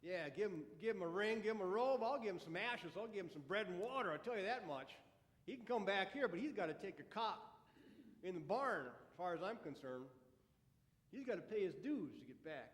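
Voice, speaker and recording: A pastor playing a resentful, self-righteous elder son in a first-person sermon, complaining with indignant sarcasm. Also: male voice, high-pitched, lively intonation, brisk. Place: church sanctuary. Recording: echoey church sanctuary.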